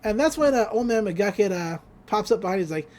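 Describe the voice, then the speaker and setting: Lively podcast host recapping a cartoon. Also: medium pitch, a little fast. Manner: animated retelling, acting out characters' lines with laughs. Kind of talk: casual episode recap.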